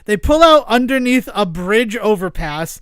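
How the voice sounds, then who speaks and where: High-voiced man recapping a movie. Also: a little slow, smooth, dry recording, clean studio sound. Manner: animated retelling, swears, acts out quotes, laughs. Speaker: podcast host. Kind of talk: casual movie recap chat.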